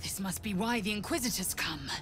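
A woman's voice: medium pitch, brisk, fairly bright tone, faint music behind, close to an everyday voice. An actress voicing a proud, fierce githyanki warrior woman in a video game, speaking in a harsh, commanding and defiant way. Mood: grim.

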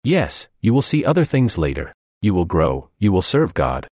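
A man's voice: sits low, very animated, moderate pace, darkish tone, no echo. A man voicing a translated radio sermon, preaching earnestly and emphatically with repeated phrases, close to the mic.

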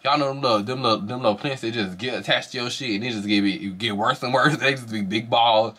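A man doing casual commentary as a reality TV reviewer, animated, sassy, gossipy and profane, with his voice shooting up into shrieks. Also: mid-range voice, fast, breathy edge.

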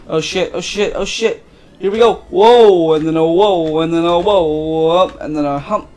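A let's play gamer commentates casually on a video game, crude and profane, loosely recapping the story while he plays. His voice is fairly high and a little mellow, at normal speed.

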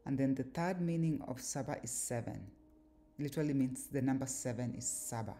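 A woman giving a slow, deliberate explanatory lecture on word meanings, pausing often with fillers. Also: very deep voice, vocal fry, mellow, a little hiss or hum. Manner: measured, deliberate, with pauses and fillers. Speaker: language teacher.

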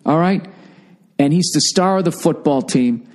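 A man's voice: on the high side, normal speed. A man hosting a podcast, telling a long story in a loose, swearing, digressive way and correcting himself as he goes. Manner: profane, digressive, corrects himself mid-sentence. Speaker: podcast host. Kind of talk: rambling comic storytelling.

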